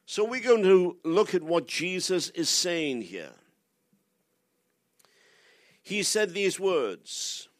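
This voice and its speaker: An older man delivering a sermon at an unhurried, deliberate pace. His voice sits high for a man, and he keeps putting pointed rhetorical questions to the congregation. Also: a bit bright. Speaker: guest preacher.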